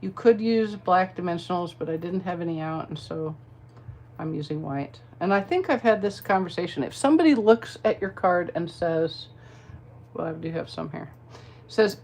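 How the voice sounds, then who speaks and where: Woman, lower voice, folksy craft tutorial host chatting while working. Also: animated, moderate pace, darkish tone. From American South. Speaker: card-making demonstrator.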